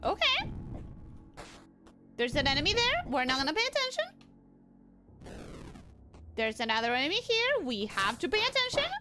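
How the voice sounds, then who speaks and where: A woman streaming a video game and talking through it live, excitable and swearing, often repeating herself. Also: very high-pitched, normal speed, long pauses, music in the background. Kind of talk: live gameplay commentary.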